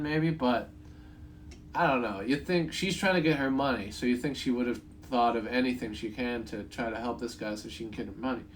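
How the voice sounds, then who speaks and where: A man's voice: medium pitch, slight background noise. A young man with a voice in the middle of the usual range runs through his notes on a film. He rambles, swears freely, and breaks off to chuckle at his own points. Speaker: movie reviewer. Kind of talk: casual spoken movie review.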